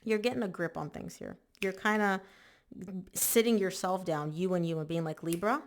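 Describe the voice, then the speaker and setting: A woman's voice: on the low side, moderate pace. A woman giving a casual tarot reading, chatty and emphatic, often saying "like" and acting out the listener's worries. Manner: chatty and emphatic, lots of "like" and "oh my gosh". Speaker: tarot reader.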